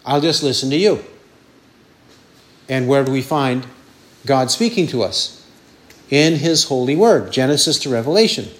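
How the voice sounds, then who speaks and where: A man's voice: medium pitch, expressive, normal speed, pauses often. A man preaching a sermon, asking questions and answering them himself, stressing points with repeated lists of words.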